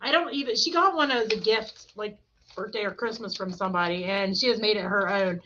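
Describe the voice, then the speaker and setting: A woman in her thirties hosting a podcast, chatting casually and telling animated stories with voiced quotes. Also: medium pitch, fast talker, noisy background. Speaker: podcast host. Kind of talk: casual chat. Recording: dull lo-fi sound.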